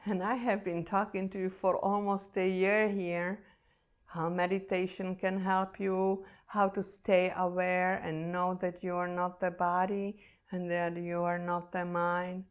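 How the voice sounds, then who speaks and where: A woman speaking in a slightly low voice, unhurried and deliberate. She is a meditation teacher telling a personal story, earnest, emotional and reflective throughout. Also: monotone, clear, resonant tone.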